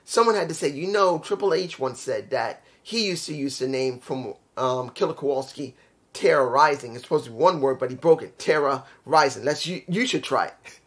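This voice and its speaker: A man's voice: fairly high pitch, fairly bright tone. A young man casually reviewing a wrestling show, rambling and repeating his points for emphasis.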